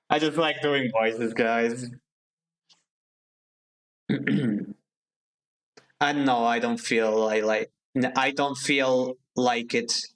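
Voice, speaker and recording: A man's voice: mid-range voice, steady tone, drawn-out words, pauses often, a bit bright. A man streaming a video game live, chatting casually and answering his viewers as he plays. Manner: chatty, thinks aloud, answers chat.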